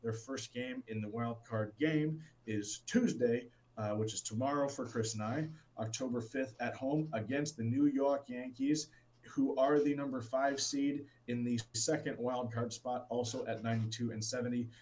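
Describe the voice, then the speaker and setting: A man's voice: medium pitch, steady tone, moderate pace, a little mellow, slight background noise, low-quality recording. A man co-hosting a casual sports talk show, enthusiastic and rambling, with plenty of restarts. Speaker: sports podcast co-host.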